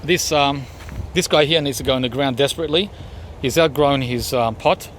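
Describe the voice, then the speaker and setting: A man's voice: medium pitch, normal speed, a bit bright, a little hiss or hum. A man chatting casually as he walks through his backyard garden, rambling with frequent ums as he points things out. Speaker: gardening vlogger.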